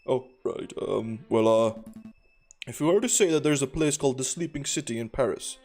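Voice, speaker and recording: A man's voice: medium pitch, moderate pace, a little mellow, soft background music, natural voice. A man voicing a polite, hesitant male bird lawyer who questions a librarian.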